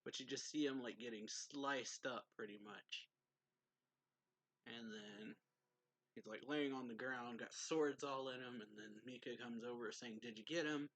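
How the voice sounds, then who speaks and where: A man's voice: medium pitch, fairly even intonation, unhurried, a bit bright, poor audio. Man casually recapping a manga chapter. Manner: rambling, filler-heavy, reads quoted lines aloud. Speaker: manga reviewer.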